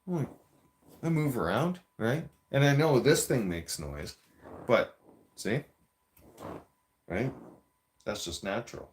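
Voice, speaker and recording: A man's voice: mid-range voice, animated, slow, long pauses, a little hiss or hum. A man telling a story in a heated, profane, rambling rant with frequent restarts, a few beers in. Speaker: vlogger.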